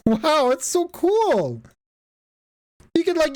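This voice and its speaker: A woman's voice: a little high, big pitch swings, unhurried, long pauses, darkish tone. A woman streaming a game, giving casual, profane, joking commentary and laughing often.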